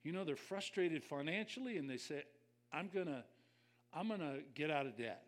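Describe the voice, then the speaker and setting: A man's voice: on the high side, lively intonation, normal speed. An older man preaching a conversational sermon as a pastor, reflective and personal, speaking straight to his listeners.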